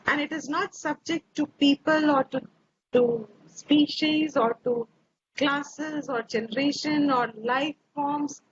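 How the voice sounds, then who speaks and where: A woman teaching scripture slowly and reflectively, repeating her phrases, over a video call. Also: high-pitched, steady tone. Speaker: Vedanta teacher. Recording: dull lo-fi audio with faint hiss.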